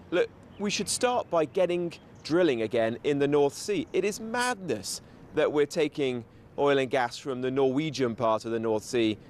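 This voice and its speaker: A man appearing as a political guest on a talk show, arguing in a steady campaigning tone and listing his points one after another. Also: mid-range voice, slight background noise.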